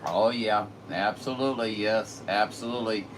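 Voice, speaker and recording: Folksy ham chatting, low voice, distant mic, steady room noise. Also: male voice, moderate pace. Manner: rambling, filler-heavy, folksy. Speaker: radio operator. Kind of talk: casual chat.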